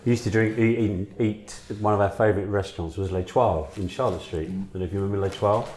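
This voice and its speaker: A man's voice: lowish voice, steady tone, fast, darkish tone, slight background noise. A man casually telling anecdotes, swearing and laughing often.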